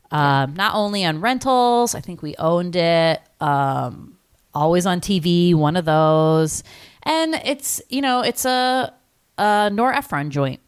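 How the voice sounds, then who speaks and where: A woman's voice: lowish voice, animated, measured pace, clean tone, no room sound, clean studio sound. A woman in her thirties co-hosting a podcast, chatting casually and rambling with many "like" fillers. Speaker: podcast co-host. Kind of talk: casual chat.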